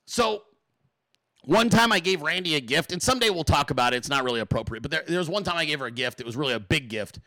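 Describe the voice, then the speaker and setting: Man, livestream host, profane off-the-cuff rant, bright forceful tone, swoops up for mock quotes. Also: expressive, quick pace, no echo, studio quality. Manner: swears constantly, acts out quotes in exaggerated high voices. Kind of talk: profane unscripted rant to a live chat.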